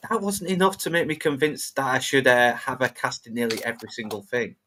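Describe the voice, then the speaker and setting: A man's voice: mid-range voice, fairly quick, pushed and bright, slight background noise. A man giving blunt, opinionated takes in a casual review chat. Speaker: guest panelist.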